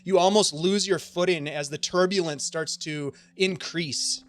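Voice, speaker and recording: A man's voice: on the high side, measured pace. A man narrating as game master of a tabletop game, talking casually with many fillers and an upbeat manner.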